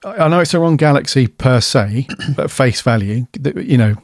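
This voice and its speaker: A podcast co-host who thinks aloud, hedging and rambling through his questions. His voice is mid-pitched and recorded on a close studio mic, dry and without any room sound. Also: animated, moderate pace, no room sound. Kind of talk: casual chat. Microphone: studio dynamic mic.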